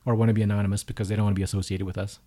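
A man's voice: fairly low pitch, level tone, racing, mellow. A man co-hosting a podcast in casual chat, rambling and cracking crude jokes. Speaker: podcast co-host.

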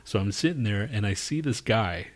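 A man co-hosting a podcast, telling a long, profane story in casual chat and bursting into shouted quotes. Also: lowish voice, animated, moderate pace. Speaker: podcast co-host.

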